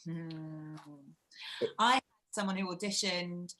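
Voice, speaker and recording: A woman from England leading a live-streamed acting workshop, talking in an encouraging, reflective way with animated emphasis. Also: on the low side, slow pace, echoey room, low-quality recording. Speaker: workshop leader.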